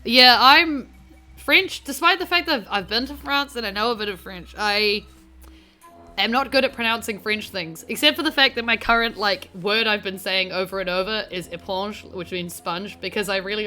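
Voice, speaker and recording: A woman's voice: medium pitch, normal speed, sharp tone, faint music behind. A young woman with a New Zealand accent, rambling and swearing casually while commentating on a game she is playing. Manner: rambling, sweary, self-mocking. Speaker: game streamer. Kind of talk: casual let's-play commentary.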